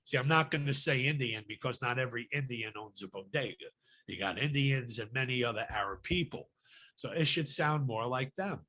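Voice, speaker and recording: A man's voice: medium pitch, expressive, a little fast, sharp tone. Profane ranting man. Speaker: podcast host. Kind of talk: casual chat.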